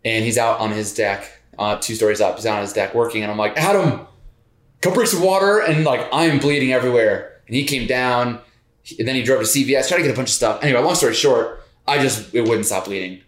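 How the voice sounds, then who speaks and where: A man's voice: medium pitch, fast talker. Man telling a story with a laugh. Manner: animated, laughs through his story. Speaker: podcast co-host. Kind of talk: casual storytelling. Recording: roomy echo.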